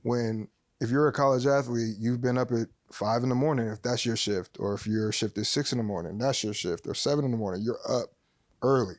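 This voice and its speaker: A man talking casually as a podcast guest, animated and emphatic, full of slang. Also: mid-range voice, a little fast, dry recording, clean studio sound.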